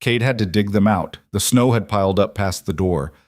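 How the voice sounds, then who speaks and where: A man reading a western story aloud in a measured, scripted narration. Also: on the low side, dry recording.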